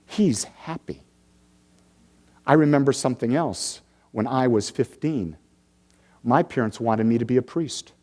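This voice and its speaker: A man's voice: mid-range voice, a little slow, pauses often, a little mellow. A minister in his fifties from the Detroit area gives a sermon, telling stories with playful asides and building his points through repetition. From Detroit area, USA.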